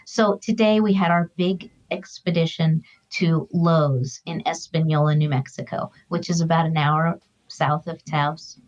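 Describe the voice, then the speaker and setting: A middle-aged woman speaks earnestly in a fairly low voice. She shares her feelings openly and reflectively. The recording is somewhat dull and lo-fi. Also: fairly even intonation, measured pace, a little mellow. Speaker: guest, author and grief counselor. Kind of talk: heartfelt conversational storytelling.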